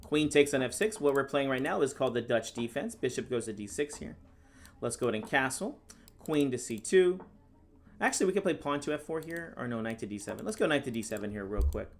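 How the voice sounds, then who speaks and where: A man from the United States commenting live on his own chess games, reading viewer questions aloud and answering in a casual, deadpan sarcastic way. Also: mid-range voice, a little fast. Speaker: chess streamer and National Master. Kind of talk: live-stream commentary while playing.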